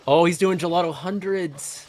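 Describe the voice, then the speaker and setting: A man's voice: high voice, normal speed, darkish tone. A man casually commentating a live video game race, analytical and chatty with lots of filler words. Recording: faint music behind.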